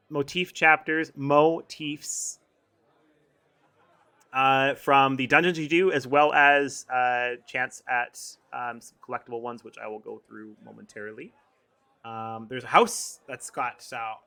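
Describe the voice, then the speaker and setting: A man's voice: medium pitch, pushed and bright. A man co-hosting a casual gaming podcast, running through store items and events with frequent ums and self-corrections. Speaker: podcast co-host. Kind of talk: casual game news chat.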